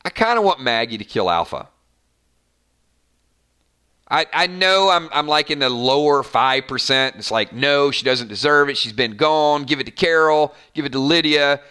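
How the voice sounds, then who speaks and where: A man's voice: on the high side, smooth. A man from Georgia with a light Southern accent, hosting a casual, rambling fan chat and often repeating himself. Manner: rambling, repeats words, animated. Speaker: channel host.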